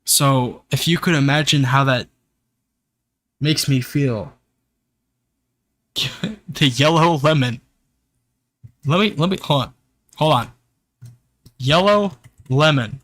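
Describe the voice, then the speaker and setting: Young male streamer, unhurried drawl, mid-pitched, casual ranting, swears a lot. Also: a bit bright, dry recording. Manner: ranting, swearing, laughing to chat. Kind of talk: casual livestream rant.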